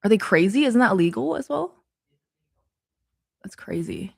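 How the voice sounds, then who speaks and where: A woman's voice: fairly high pitch, expressive, quick pace, vocal fry, a little mellow. A woman streaming casual chat while studying; she swears often, laughs easily and thinks aloud.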